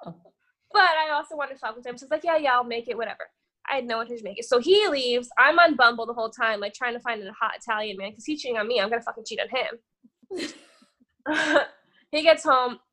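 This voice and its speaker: A woman's voice: a little high, fast, bright, forceful tone. A young woman guesting on a podcast, telling a long dating story in a casual, rambling way, cursing freely and tossing in "whatever". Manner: profane, rambling, says "whatever" a lot.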